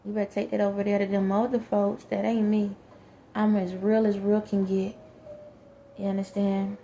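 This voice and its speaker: A woman's voice: medium pitch, little pitch movement, normal speed, warm tone, slight background noise. A woman talking frankly and emphatically in a casual monologue, with many fillers. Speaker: vlogger.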